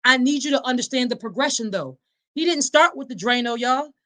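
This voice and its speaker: A woman's voice: sits high, brisk, sharp tone. A woman hosting a live podcast, speaking emphatically and preacher-like, addressing her listeners as y'all and reading their comments aloud. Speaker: podcast host. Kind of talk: live-streamed advocacy talk.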